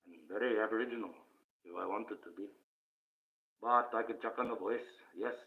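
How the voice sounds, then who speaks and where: Low-voiced man in an ominous put-on voice. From Australia. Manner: puts on an ominous put-on voice rather than his real one; slow, rambling spiritual musings. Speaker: live streamer. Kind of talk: casual spiritual monologue on a livestream. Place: indoors, speaking under a mask by candlelight. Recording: tinny phone-like audio.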